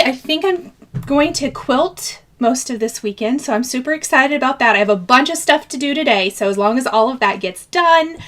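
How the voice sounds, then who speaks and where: A craft channel host from the American Midwest chats on a live craft stream in a high, fairly bright voice. She greets viewers by name and laughs often.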